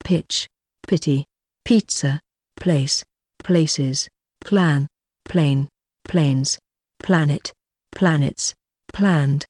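A woman reading a vocabulary list aloud, one word at a time, slowly and deliberately. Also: sits low, a little mellow, slightly rough, no room sound, studio quality. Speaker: vocabulary reader.

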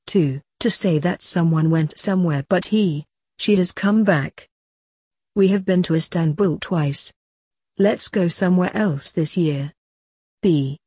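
Slow, husky woman reading a textbook. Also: fairly low pitch, dark tone, no echo, studio quality. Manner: slow, measured reading with pauses between items. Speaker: textbook audio reader. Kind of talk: slow read-aloud of grammar exercises.

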